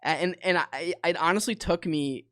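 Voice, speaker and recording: A man co-hosting a podcast, talking casually about music and pausing often with fillers and restarts. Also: fairly high pitch, sharp tone, clear, resonant tone. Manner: rambling, many fillers and restarts. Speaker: podcast co-host.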